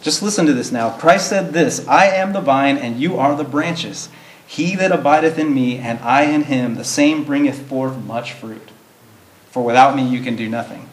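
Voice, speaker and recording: Male Bible study teacher, mid-pitched, earnest and plain-spoken, in an echoey room. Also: moderate pace. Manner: earnest, explains plainly, reads verses in King James wording. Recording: roomy echo.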